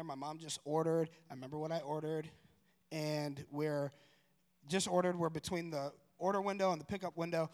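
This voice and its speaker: A man telling a personal story in a casual, rambling way, correcting himself and growing animated. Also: fairly high pitch. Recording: long room reverb.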